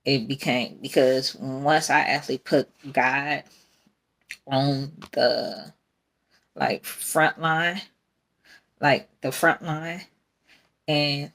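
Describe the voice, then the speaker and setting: A woman's voice: low-pitched, fairly bright tone. A young adult woman, hosting a casual faith podcast in a rambling, candid way and laughing often. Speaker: podcast host.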